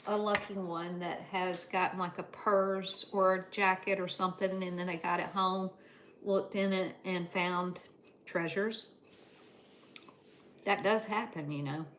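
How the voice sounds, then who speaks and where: A woman's voice: fairly low pitch, fairly even intonation, unhurried, a bit bright, a little hiss or hum. An older woman chats in a motherly way with her viewers while she cooks at home on a livestream. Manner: chatty, motherly, talks to viewers by name while cooking. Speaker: livestream host. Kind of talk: casual cooking livestream chat. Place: home kitchen.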